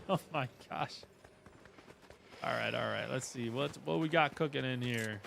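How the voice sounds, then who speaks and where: A man hosting a casual live game stream, chatting with viewers and greeting them by name, with excitable bursts. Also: medium pitch, a little slow, vocal fry, a little hiss or hum. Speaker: livestream host. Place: at work, indoors.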